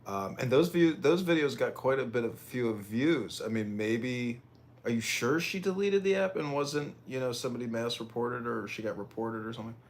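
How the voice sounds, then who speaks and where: A man's voice: mid-range voice, normal speed, a little hiss or hum. A man in a casual online chat who questions things doubtfully and invites others up to speak.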